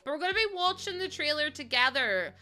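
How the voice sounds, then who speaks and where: Bright Northern Irish woman streamer. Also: high-pitched, expressive, brisk. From Northern Ireland. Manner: chatty, unfiltered, laughs often, sudden loud squeals. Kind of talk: casual livestream chat. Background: soft background music.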